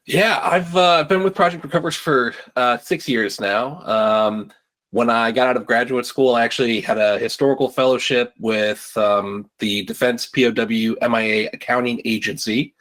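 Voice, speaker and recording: A man answering interview questions hesitantly, with frequent ums and pauses. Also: medium pitch, fairly bright tone. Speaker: guest, lead historian.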